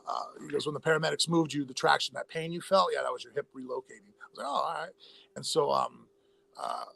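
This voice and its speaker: A man telling a long personal story in a casual interview, in a rapid, rambling way with many fillers and restarts. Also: on the high side, vocal fry, fairly bright tone. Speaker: interview guest, former fighter.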